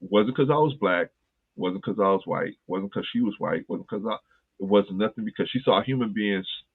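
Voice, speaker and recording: A man's voice: fairly low pitch, a little fast, slightly rough. A man hosting a talk podcast, telling a personal story in earnest, casual chat and repeating phrases for emphasis. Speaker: podcast host. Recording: tinny phone-like line.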